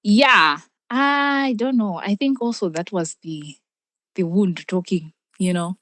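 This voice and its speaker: A young woman guest telling a personal story in conversation, animated, with frequent laughs and restarted sentences. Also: mid-range voice, slow pace, no room sound. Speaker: podcast guest.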